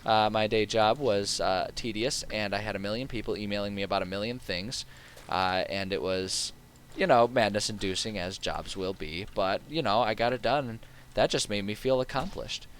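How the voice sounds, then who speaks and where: A man's voice: lowish voice, moderate pace, a bit bright, slight background noise. A man streaming a game live, talking casually and rambling with lots of fillers. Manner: rambling and chatty, with many fillers.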